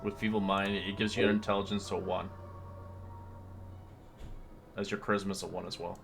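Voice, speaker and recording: A man's voice: low voice, flat delivery, normal speed, creaky, soft background music. A man running a tabletop game as dungeon master, laid-back and amused, with hesitant fillers.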